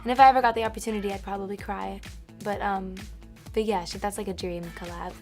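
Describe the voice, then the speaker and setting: A woman's voice: mid-range voice, fairly even intonation, fast talker, music in the background. A young woman answering interview questions in a bubbly, giggly way, full of "like" and "um". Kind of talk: casual interview chat.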